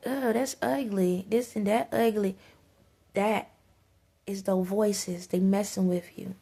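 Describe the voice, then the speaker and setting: Woman vlogger, flat delivery, gravelly texture, urgent and repetitive spiritual pep talk. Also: mid-range voice. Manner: emphatic, repetitive urging, stumbles and restarts. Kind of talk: preachy spiritual advice monologue.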